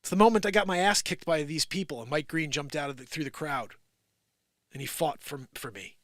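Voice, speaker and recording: Middle-aged male host, New Jersey accent, bright forceful tone, dry close sound, animated storyteller. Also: on the high side, a little fast, no echo. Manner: animated storytelling, acts out quoted voices, swings from loud to hushed. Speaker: live show host. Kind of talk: casual livestream monologue.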